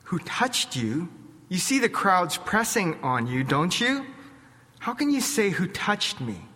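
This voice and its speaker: A bewildered, exasperated disciple, as a preacher puts him on. He sounds incredulous and slow, with a long echo behind him. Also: high-pitched, big pitch swings, bright, forceful tone, heavily acted.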